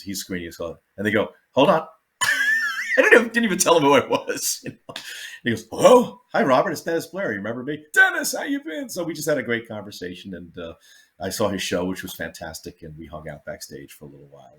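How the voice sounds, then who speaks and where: An older man, a comedian, telling stories in a casual chat and acting out the people he quotes. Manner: animated, acts out quotes with big jumps in pitch. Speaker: comedian guest.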